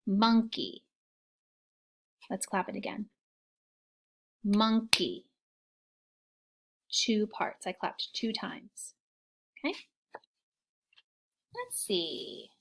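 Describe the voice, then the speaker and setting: A woman leads a phonics lesson for young children, speaking slowly and encouragingly in a sing-song style with soft whispered asides. Her voice is medium-pitched and gravelly.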